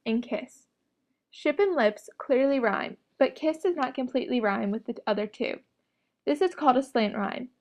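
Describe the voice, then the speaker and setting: A woman reading a prepared script, presenting an educational narration in an even, explanatory way. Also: sits high.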